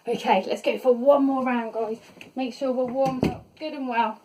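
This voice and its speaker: A woman's voice: on the high side, fairly even intonation, normal speed, darkish tone, a little hiss or hum, low-quality recording. A woman leading an online yoga class, upbeat and encouraging as she calls out poses. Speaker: yoga instructor. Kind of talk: online fitness class instruction.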